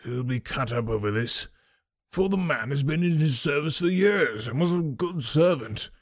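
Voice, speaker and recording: A male reader playing a bluff retired colonel over sixty, brisk and matter-of-fact. His voice has a husky grain, recorded dry and close. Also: a little high, expressive, dry recording. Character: bluff old retired army colonel, hearty country gent. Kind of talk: audiobook character reading.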